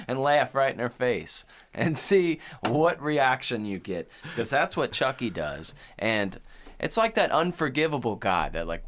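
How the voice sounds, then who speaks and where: A man's voice: fairly low pitch, sing-song, unhurried, a bit bright. A young adult man co-hosting a podcast in casual chat, laughing a lot as he retells scenes and quotes lines. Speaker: podcast co-host.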